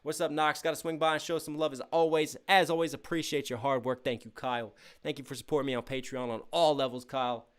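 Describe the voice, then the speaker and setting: A young streamer reads off donations and chat messages in a casual livestream, sounding upbeat yet a little tired. His voice is medium-pitched and clean with fairly even intonation, and he talks fast with few pauses. He delivers hyped shout-outs to chat.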